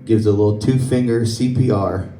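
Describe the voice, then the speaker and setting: A man's voice: on the low side, steady tone, moderate pace, mellow, slight background noise. Man doing stand-up in a roomy club. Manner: conversational storytelling, laughing at his own jokes. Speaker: stand-up comedian. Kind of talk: stand-up comedy set. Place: comedy club stage. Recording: roomy club sound, mic from a distance.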